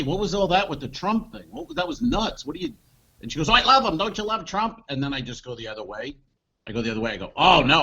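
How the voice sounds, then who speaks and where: A man co-hosting a comedy podcast, telling an animated story and acting out the voices of the people in it. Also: medium pitch, slightly rough, highs cut off. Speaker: podcast co-host.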